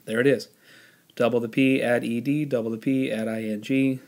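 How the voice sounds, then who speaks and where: A man teaching a spelling lesson, explaining the rules patiently step by step and pausing on the odd "um". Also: medium pitch, steady tone, a little mellow. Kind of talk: spelling lesson with classroom instructions.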